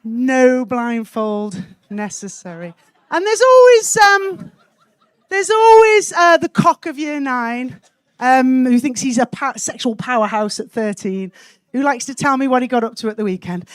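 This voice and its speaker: Lively woman doing stand-up. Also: sits high, measured pace, clean tone, no room sound. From Wales. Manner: cheeky, deadpan punchlines. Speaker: stand-up comedian. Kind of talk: stand-up comedy set. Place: comedy club stage.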